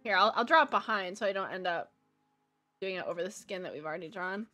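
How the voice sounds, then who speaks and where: A woman streamer with a Valley Girl accent chats casually as she draws, rambling, giggling, and saying "like" a lot. She talks fast in a mid-range voice, with soft music in the background.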